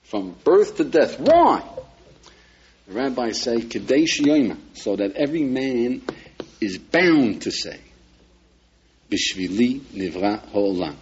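A man's voice: medium pitch, very animated, slow pace, long pauses, darkish tone, highs cut off, a little hiss or hum. A man, a rabbi, lecturing an audience with emphasis and frequent rhetorical questions. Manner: emphatic, peppers talk with rhetorical questions to listeners.

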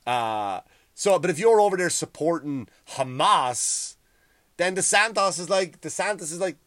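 A man's voice: animated, measured pace, no room sound. Ranting Irish man, dry close sound. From Ireland. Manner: profane, heated, swings loud and high when worked up. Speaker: podcast host. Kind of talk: ranting monologue.

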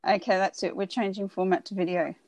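A woman hosting a podcast in casual chat, hesitant with many pauses and fillers. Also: medium pitch, steady tone, darkish tone, a little hiss or hum. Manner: hesitant, lots of ums, giggly. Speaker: podcast host.

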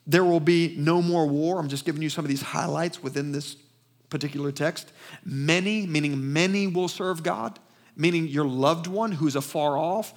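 Emphatic Southern preacher, slightly high voice. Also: male voice. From Southern United States. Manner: emphatic, with call-and-response to the congregation; fast-talking. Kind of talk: sermon. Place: church sanctuary.

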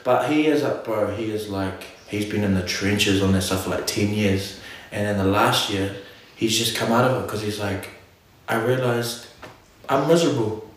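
A man in casual chat, animated and slangy, often cutting himself off mid-thought. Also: fairly low pitch, normal speed. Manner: animated, slangy, self-interrupting. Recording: echoey room.

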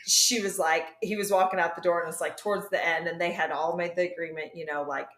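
A woman's voice: fairly low pitch, fairly even intonation, fast, fairly bright tone. A woman chatting as a guest on a podcast, rambling and laughing, losing her train of thought. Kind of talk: casual chat. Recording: echoey room.

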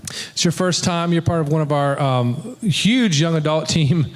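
A man leading a church service, talking casually and telling stories with lively quoted bits. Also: on the high side, unhurried. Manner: chatty, storytelling, animated quotes. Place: church sanctuary. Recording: long hall reverb.

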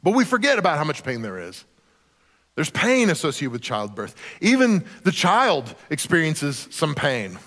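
Pastor with a hall echo. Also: male voice, on the high side, huge pitch swings, moderate pace, a bit bright. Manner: conversational and joking, acts out quoted voices. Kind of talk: sermon. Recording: long hall reverb.

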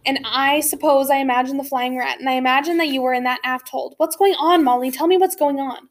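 A woman's voice: sits high, steady tone, fairly quick, natural voice. A woman reading a stubborn, curious young boy. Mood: insistent. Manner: urgent, insistent whispering. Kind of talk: audiobook character voice.

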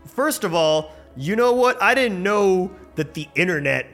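A man hosting his own show, rambling excitedly and swearing freely through a casual movie review. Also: high voice, unhurried, faint music behind. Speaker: host.

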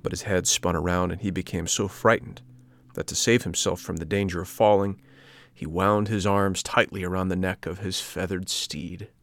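A man narrating a storybook in a measured, even reading. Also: deep voice.

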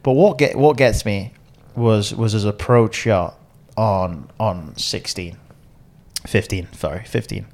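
Male co-host, animated storyteller, casual chat. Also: lowish voice, gravelly. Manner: animated storyteller, quick laughs, acts out quotes. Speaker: podcast co-host and caddie.

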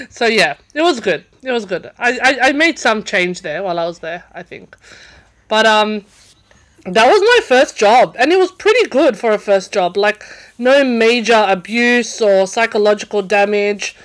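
A young woman tells a story as a podcast guest. She talks in a chatty, casual way, often restarting her sentences and filling pauses with "um" and "like.". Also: on the high side, animated. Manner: chatty, many fillers and restarts.

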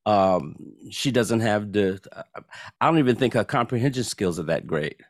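Brief: male panelist, dry close mic, halting, searches for words. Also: fairly low pitch, lively intonation, no room sound. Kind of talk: casual chat.

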